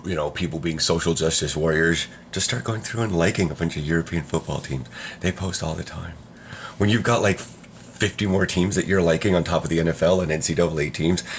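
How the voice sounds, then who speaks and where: A man with a very low, deep voice rambles to camera in a loose vlog chat, cutting himself off and circling back mid-thought. He talks indoors by a counter, with a faint noise behind him. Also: a bit bright. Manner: rambling, chatty, self-interrupting. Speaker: vlogger.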